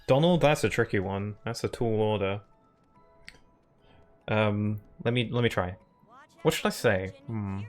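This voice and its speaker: A man's voice: on the low side, normal speed, pauses often. A man giving rambling, chatty live-stream commentary while he plays, often laughing at himself. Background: faint game music.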